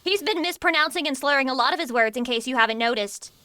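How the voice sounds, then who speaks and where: Young female streamer, sharp-toned, casual reaction chat, swears a lot, teasing. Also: high-pitched, expressive, fast, clear, resonant tone. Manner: blunt, swears freely, teasing.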